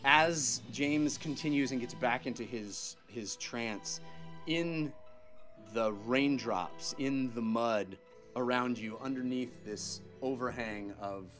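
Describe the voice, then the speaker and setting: A man's voice: medium pitch, slow, fairly bright tone, faint music behind. A man running a tabletop game as game master, giving vivid, descriptive narration full of small restarts.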